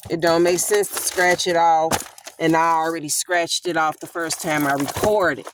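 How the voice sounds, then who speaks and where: A woman's voice: low-pitched, fairly even intonation, normal speed, background noise. A woman hosting a casual Bible study on her phone, irritated and repeating herself. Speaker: host of an online Bible study. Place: in her vehicle. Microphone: phone camera.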